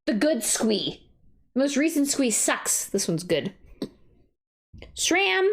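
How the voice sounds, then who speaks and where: A young woman streaming and chatting casually, bursting into excited exclamations and casual swearing. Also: high voice, slow, gravelly. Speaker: streamer reviewing card sets. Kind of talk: casual livestream chat.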